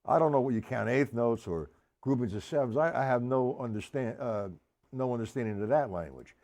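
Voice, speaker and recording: A brisk man with a mid-range voice streams a drum lesson live, drums playing in the background. He patiently walks viewers through it, naming them as he goes, and counts out loud over his own drumming.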